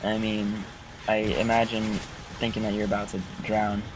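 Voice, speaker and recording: A man's voice: fairly low pitch, completely flat delivery, normal speed. A man vlogging from inside his car, telling a story in a casual, rambling, joking way, with car noise in the background. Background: passing car noise.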